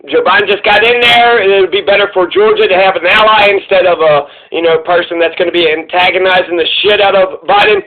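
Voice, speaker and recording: A man offers casual political commentary, rambling and full of fillers, with occasional curses. His voice sits high for a man. The sound is thin and tinny, like a phone line. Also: fast talker, hardly any pauses. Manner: rambling, profane, many fillers.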